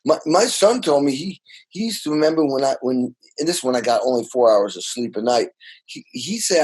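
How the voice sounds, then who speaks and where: A man's voice: medium pitch, animated, a little fast, a little mellow, husky, poor audio. An older man, a drummer, telling stories in an interview with energy and enthusiasm, often restarting and repeating words. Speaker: guest drummer. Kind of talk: animated storytelling in casual interview.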